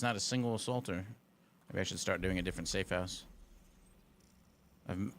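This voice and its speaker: Man, live game streamer, casual commentary, dry sarcastic banter, lowish pitch. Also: fairly bright tone, a little hiss or hum.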